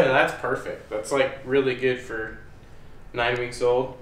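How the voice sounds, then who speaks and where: A man explaining puppy training in a relaxed, plainspoken way. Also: mid-range voice, a little slow, far from the mic. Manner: relaxed, plainspoken, upbeat commands to the dog. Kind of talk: casual explaining while training. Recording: echoey room, voice from off-mic.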